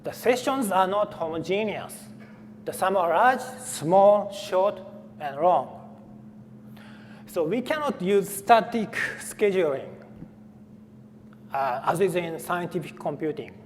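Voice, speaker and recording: A man presents a technical talk at a conference. His voice sits slightly high, and he pauses often with fillers and restarts. The sound carries a faint reverb from the hall and light background noise. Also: animated. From Japan. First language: Japanese. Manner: halting, with frequent fillers and restarts. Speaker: conference speaker.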